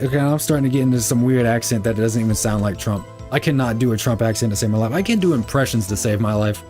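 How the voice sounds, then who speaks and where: A man's voice: medium pitch, quick pace, hardly any pauses, a little mellow, faint music behind. Crude, joking male game streamer. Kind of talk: casual gameplay commentary.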